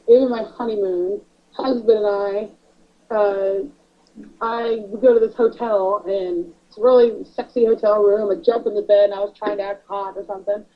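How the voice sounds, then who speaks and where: A woman co-hosting a casual podcast chat who tells stories with lively energy and acts out her own panicked lines. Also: mid-range voice. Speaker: podcast co-host. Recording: dull lo-fi podcast audio.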